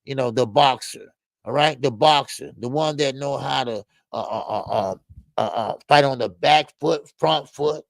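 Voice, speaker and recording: A man's voice: measured pace, vocal fry, dry recording. An older man hosting a boxing live stream, chatting casually with his viewers and speaking in with lots of fillers, his voice climbing when he protests. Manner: animated, repetitive fillers, rises in pitch when protesting. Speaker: boxing show host. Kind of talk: casual live-stream commentary, reacting to chat.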